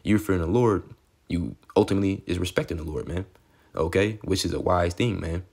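A man's voice: low voice, gravelly, breathy edge. A man preaching a casual street-style sermon, reading scripture aloud and talking conversationally, often tagging lines with "okay" and "man" and swearing freely. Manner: excitable, sometimes rushes or drops to a murmur.

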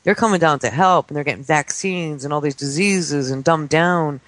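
A man in his forties, a guest on a talk radio show, telling stories excitedly and acting out the voices of children. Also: a little high, normal speed, no room sound. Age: 40s. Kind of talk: casual talk-radio chat. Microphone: studio microphone.

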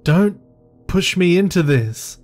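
A man's voice: mid-range voice, expressive, very slow, a little mellow, breathy edge, soft background music, pitched above the performer's own voice, heavily acted. A man reading aloud voices a frightened young man who stammers and pleads in a horror story. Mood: panicked. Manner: panicked, stammering.

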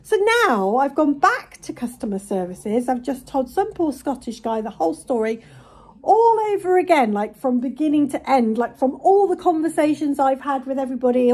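Exasperated high-voiced woman venting. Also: fairly quick. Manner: exasperated, animated retelling of a complaint. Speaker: vlogger. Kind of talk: casual venting to camera.

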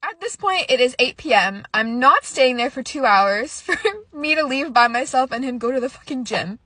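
A woman's voice: on the high side, normal speed, sharp tone, dry recording. A young woman casually telling a story, rambling with lots of "like" and nervous little laughs. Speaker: storyteller recounting a date.

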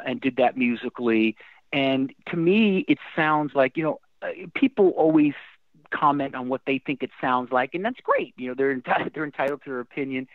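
A man's voice: mid-range voice, no echo. Middle-aged man on a tinny line. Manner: animated, emotional storytelling with many restarts. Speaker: guest musician. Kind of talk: casual interview. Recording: dry tinny phone-like line.

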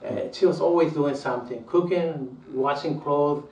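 Older man, South Texas, halting and admiring, off-mic in a roomy space. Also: fairly high pitch, darkish tone, distant mic, muffled recording. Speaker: interviewee. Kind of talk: oral history recollection.

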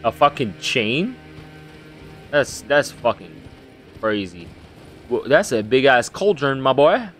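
A young man giving loud, profane, excitable commentary while playing a video game. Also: mid-range voice, slow, pauses often, faint music behind. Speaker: gaming streamer. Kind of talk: casual gameplay commentary.

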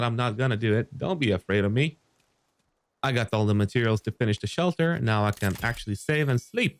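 Excitable man doing game commentary. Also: no room sound. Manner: excitable, swears, jumps high when surprised. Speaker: gaming YouTuber. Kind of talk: let's play commentary.

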